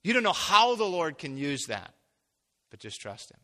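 Bright-voiced preacher man in a reverberant space. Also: fairly high pitch, very animated, normal speed. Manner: conversational, acts out quoted dialogue, rises to loud emphatic peaks. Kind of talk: sermon.

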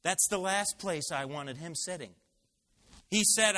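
A male pastor telling a personal story in an animated sermon. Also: high-pitched, a little slow.

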